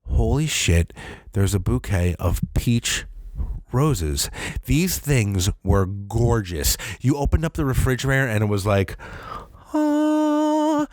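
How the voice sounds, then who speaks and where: A man co-hosting a podcast, telling a comic story in a casual, profane way and jumping into high voices when he quotes people. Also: animated, unhurried, a little mellow, no echo, studio quality. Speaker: podcast co-host. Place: podcast studio.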